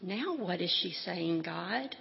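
A woman doing a gentle unborn baby girl. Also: on the low side, lively intonation, takes it slowly, vocal fry, heavily acted. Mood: wondering. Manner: soft, wondering, childlike questions. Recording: dull echoey hall recording.

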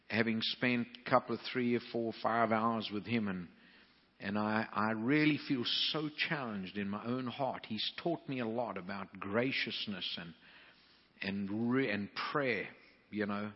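A man preaching to fellow ministers in a folksy, animated way, stumbling over restarts as he talks. His voice carries a long reverb from a large hall, and the sound is dull and muffled. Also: lowish voice. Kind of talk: storytelling sermon to preachers.

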